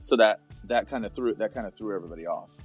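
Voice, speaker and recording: Rambling forty-something American announcer. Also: male voice, fairly low pitch, quick pace, husky, soft background music. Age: 40s. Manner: rambling, self-interrupting, joking. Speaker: podcast guest, motorsport announcer. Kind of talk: casual chat.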